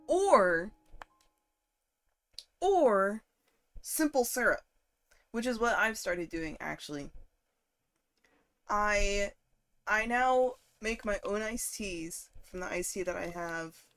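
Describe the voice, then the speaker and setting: A woman streamer chatting casually and profanely while she plays a game, getting worked up and loud at times. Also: on the low side, normal speed, faint music behind. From northern United States. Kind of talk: casual gaming stream chat.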